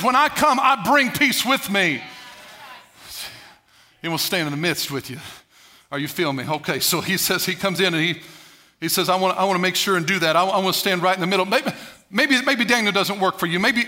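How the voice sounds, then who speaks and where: High, bright-voiced preaching pastor. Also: male voice, fairly quick. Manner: emphatic, swings between loud declarations and hushed asides. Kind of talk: sermon.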